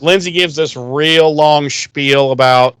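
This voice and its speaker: This podcast co-host has a fairly high, slow, slightly bright and smooth voice with no echo. He casually recaps an episode, laughing and swearing as he retells scenes in quoted voices.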